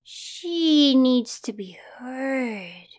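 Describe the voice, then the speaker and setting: A woman voicing an old female shaman healer in a raspy, warm voice, speaking slowly and solemnly. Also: high-pitched, expressive, voice pushed up, exaggerated voice.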